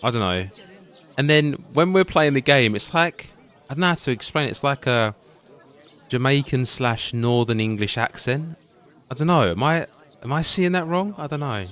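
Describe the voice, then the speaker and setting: A man's voice: mid-range voice, expressive, normal speed, fairly bright tone. Let's-play host: chatty man, casual musing commentary. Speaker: gaming YouTuber.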